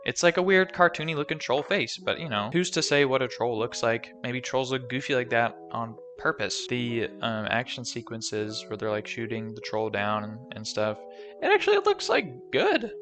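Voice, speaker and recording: A man's voice: mid-range voice, steady tone, normal speed, hardly any pauses, a bit bright, faint music behind. A young man casually recapping a movie, rambling and joking with lots of fillers.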